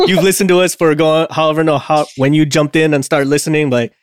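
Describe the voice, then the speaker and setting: A man's voice: fairly high pitch, fairly even intonation, a little fast, dry recording, clean studio sound. A man hosting a podcast in casual chat, joking and loose, with some swearing. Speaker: podcast host.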